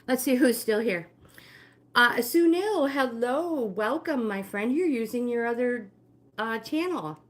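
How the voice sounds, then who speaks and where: A woman's voice: fairly high pitch, lively intonation, unhurried. An older woman leading a live-streamed walking workout, giving friendly exercise cues and greeting viewers by name. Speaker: fitness instructor and livestream host.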